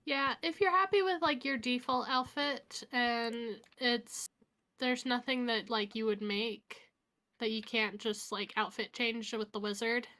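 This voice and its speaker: A woman chatting with a friend while they play a game together. Her voice sits a bit high, and she talks in a loose, joking way, peppered with likes. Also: measured pace. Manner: relaxed, joking, filler likes. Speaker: co-streamer. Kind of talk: casual gaming chat.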